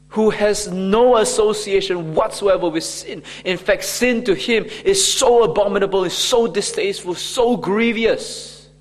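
A man preaching a sermon slowly and emphatically, acting out the mockers in quoted voices. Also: sits high, big-room sound.

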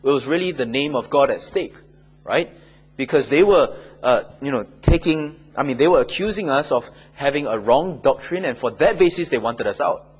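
Guy teaching bible class q&a, kinda husky breathy voice, keeps asking okay? right?. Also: medium pitch, lively intonation, moderate pace, low-quality recording. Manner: conversational, checks in with tag questions like okay and right. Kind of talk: answering questions in a Bible class.

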